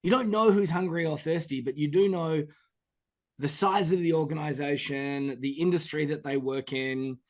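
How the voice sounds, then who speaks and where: A man's voice: a little high, normal speed. A man hosting a podcast interview, chatting casually and acting out examples to make his points. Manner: animated, acts out quoted examples. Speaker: podcast host.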